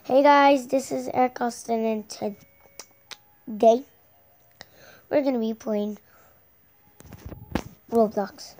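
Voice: medium pitch, unhurried, pauses often, darkish tone. A gaming channel host giving playful, casual commentary while playing a game, repeating words and joking with guests.

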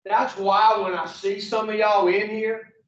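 A blunt man lectures a class in slow, folksy stories, joking and cursing as he goes. His voice is fairly high. He is heard from a distance in an echoey room on a dull, muffled recording. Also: little pitch movement, a bit bright. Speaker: recovery program instructor. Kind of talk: folksy storytelling lesson.

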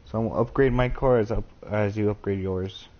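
A man giving calm, matter-of-fact commentary while playing a game. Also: on the low side, fairly quick. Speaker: gamer. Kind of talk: casual gaming commentary. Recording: slightly dull lo-fi audio.

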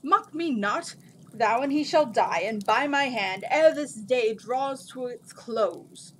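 A woman's voice: a little high, a little slow, a bit bright, a little hiss or hum, rough recording. A woman voicing a stern male djinn giant who speaks in grand, archaic pronouncements in a storybook reading. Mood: booming.

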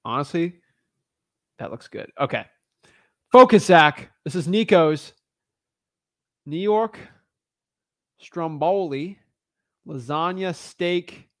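A real estate wholesaler browses listings in a casual vlog, joking with viewers, thinking aloud, and talking to himself in an animated way. His fairly high voice takes its time with long pauses, recorded at studio quality with no echo.

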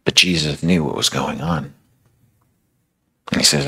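A man's voice: rumbling low, sing-song, unhurried, vocal fry, sharp tone, a little hiss or hum. A male preacher retelling a story in a sermon, conversational and dramatic, with casual fillers.

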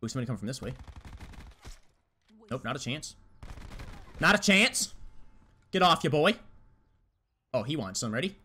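A man's voice: mid-range voice, lively intonation, brisk, pauses often, fairly bright tone, slightly rough. A young man giving live gameplay commentary, trash-talking opponents in a hyped, slangy way. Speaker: gaming YouTuber.

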